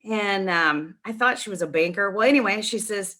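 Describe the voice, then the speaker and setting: Bright-voiced woman telling a lively story. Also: medium pitch, moderate pace. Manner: chatty, animated storytelling with many restarts. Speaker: guest, nonprofit founder. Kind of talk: casual storytelling in an interview.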